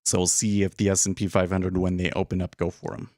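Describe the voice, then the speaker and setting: Low-ish guy doing live trading commentary, rambly, thinking out loud, dry close sound. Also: level tone, fast talker, no echo. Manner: rambling, thinking aloud, self-deprecating. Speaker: day trading livestream host.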